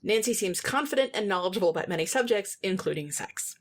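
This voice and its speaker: A woman's voice: medium pitch, animated, quick pace. A woman co-hosting a podcast, summarizing a film's plot and adding dry, wry remarks in casual chat. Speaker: podcast co-host. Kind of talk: casual film review chat.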